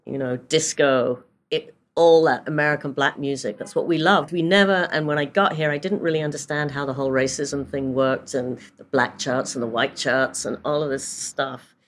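A British woman from England in her sixties, a photographer telling stories in a casual interview, chatty and full of fillers. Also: rumbling low. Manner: chatty storyteller with many fillers and laughs. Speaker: photographer guest.

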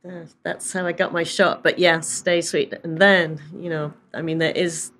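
A woman's voice: lowish voice, flat delivery, moderate pace, a bit bright. British lady in her 60s, chatty storyteller, lots of you-knows, easygoing interview talk. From England. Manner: chatty storyteller with many fillers and laughs. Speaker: photographer guest. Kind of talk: casual anecdotal interview.

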